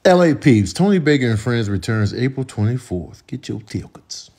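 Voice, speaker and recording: A man's voice: mid-range voice, sing-song, moderate pace, warm tone. A man giving playful comedic voiceover commentary, riffing absurdly in slang over video clips.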